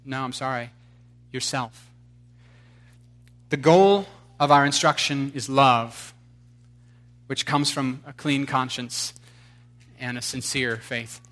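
A male pastor delivering a sermon in a voice of ordinary, mid-range pitch. He swings between raised, fervent exhortation and hushed, almost confiding asides. When he tells a personal story, he slips into loose, conversational talk. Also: takes it slowly. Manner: impassioned preaching, swings from loud exhortation to quiet confession.

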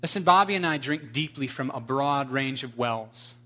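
A male pastor preaching a sermon, telling a story in an animated, emphatic way. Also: mid-range voice, normal speed.

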